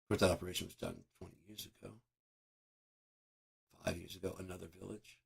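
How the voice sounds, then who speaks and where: A man with a low, raspy voice that has gone hoarse from a lot of screaming. He talks at home in a profane, wandering monologue, breaking into loud angry outbursts. The husky rasp stays in every word. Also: flat delivery, quick pace. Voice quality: raspy, gravelly. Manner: profane, ranting, with bursts of loud shouting. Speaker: vlogger. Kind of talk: casual rambling monologue.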